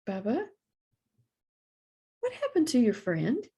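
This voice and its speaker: A woman reading a wise, gentle princess pet. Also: fairly high pitch, wildly swooping pitch, slow, slightly rough, pitched above the performer's own voice, heavily acted. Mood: gentle coaxing. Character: wise, kind female princess pet, calm and caring.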